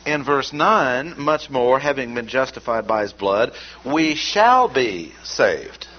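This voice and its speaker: Male Bible teacher, mid-pitched, emphatic and deliberate, dull lo-fi recording. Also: big pitch swings. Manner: measured, emphatic, repeats key words. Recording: dull lo-fi recording with faint noise.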